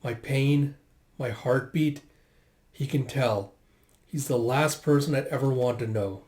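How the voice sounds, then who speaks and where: A man reading aloud as a quiet, defiant young male dragon warrior from a comic, in a low-key manner. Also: a little slow, close to an everyday voice.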